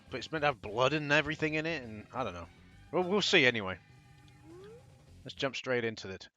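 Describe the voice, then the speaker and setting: A man's voice: medium pitch, pushed and bright. A young man hosting his own gaming channel, chatting casually over a first playthrough, rambling and trailing off as he plays. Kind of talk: casual game commentary.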